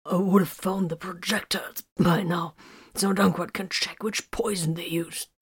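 A woman's voice: on the low side, fairly even intonation, normal speed, slightly rough. A woman voicing a curt, stern warrior man. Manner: curt, clipped. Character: curt, stern male space warrior leader.

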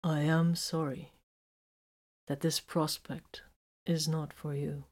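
A woman voicing a kind, earnest male captain who speaks formally, softly and slowly. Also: low voice, fairly even intonation. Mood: gentle. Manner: soft-spoken and slow.

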